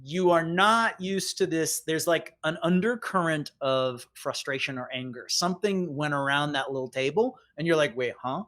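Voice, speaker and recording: A game master narrating a tabletop role-playing game in a chatty, lively way. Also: medium pitch, normal speed, hardly any pauses. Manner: lively, chatty storytelling with fillers.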